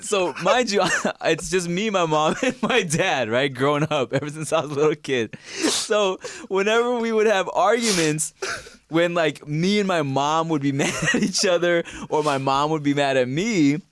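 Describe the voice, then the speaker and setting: A man in his thirties co-hosting a casual podcast, telling stories with loud laughing outbursts. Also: fairly high pitch, dry recording. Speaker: podcast co-host. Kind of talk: casual chat.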